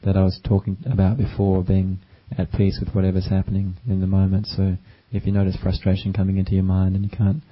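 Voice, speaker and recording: A man giving a gentle, unhurried dharma talk as a meditation teacher, with frequent ums and uhs. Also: low-pitched, monotone. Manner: gentle, unhurried, with many fillers. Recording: dull lo-fi recording.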